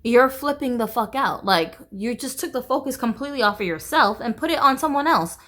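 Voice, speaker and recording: A woman's voice: fairly high pitch, expressive, brisk, a bit bright. A woman vlogger venting in a casual monologue, blunt, profane and exasperated.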